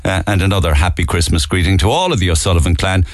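A man's voice: low-pitched, fast talker, no room sound. A man with a Cork accent hosting a casual radio phone-in, teasing his caller and laughing often. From Ireland. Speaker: radio show host. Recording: faint music behind the studio voice.

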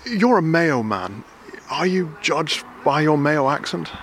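A man's voice: fairly high pitch, animated, slow pace, noisy background. A man working as a radio correspondent, interviewing people with chatty, curious questions. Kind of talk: on-the-street reporting and interviewing. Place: busy train station.

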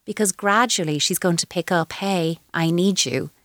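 A woman's voice: fairly low pitch, normal speed, a bit bright, no echo, studio quality. A woman giving parenting advice on a radio chat, explaining at length and sometimes acting out voices playfully.

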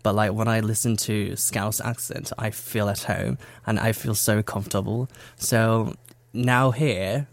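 A man's voice: lowish voice, steady tone, unhurried, creaky, no echo. A young man from South Korea whose first language is Korean, chatting as an interview guest with lots of fillers and frequent laughter. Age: young adult. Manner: chatty, laughs often, many fillers like "like" and "you know". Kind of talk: casual interview chat.

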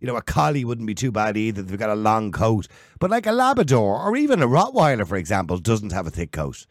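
A man hosting a talk radio discussion, brisk and chatty as he steers the conversation. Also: on the low side, huge pitch swings, no room sound, clean studio sound. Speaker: radio show host.

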